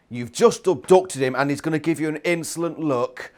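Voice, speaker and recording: A man's voice: on the high side, moderate pace, hardly any pauses, darkish tone. A young man giving a casual book review, ranting and swearing constantly in exasperation.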